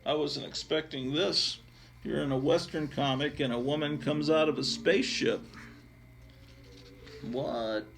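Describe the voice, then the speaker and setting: A man's voice: on the high side, steady tone, measured pace, creaky, pauses often, soft background music. A man hosting a casual, digressive show-and-tell of his comic collection, talking offhand with many fillers. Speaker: comic book collector and channel host.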